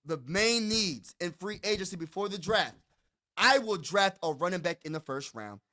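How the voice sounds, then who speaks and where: A man hosting his own sports talk show, ranting with excitement and frustration. His voice sits high and sounds bright. He repeats lines for emphasis and stumbles over quick restarts. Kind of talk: hyped fan rant.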